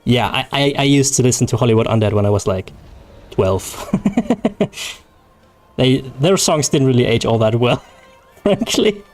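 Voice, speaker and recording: A man's voice: mid-range voice, lively intonation, normal speed, pauses often, soft background music. A young man whose first language is German, chatting casually and rambling with jokes and laughter as a game streamer. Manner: rambling, joking, laughs often. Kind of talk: casual livestream chat.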